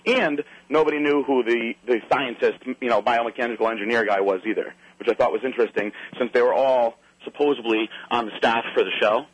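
A man casually telling a wild anecdote, animated and swearing, acting out other people's lines. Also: medium pitch, brisk, few pauses, breathy edge, no echo, dull audio.

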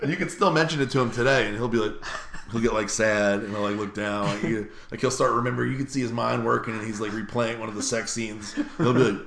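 A man hosting a podcast, telling a story in a casual, animated, profane way. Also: lowish voice, quick pace, slight background noise. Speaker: podcast host. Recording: roomy echo.

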